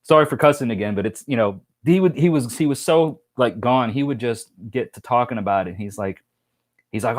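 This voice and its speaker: A man livestreams casually in a mid-range voice, talking a little fast. He wanders through rambling, chatty stories and reads out chat comments, full of fillers and restarts.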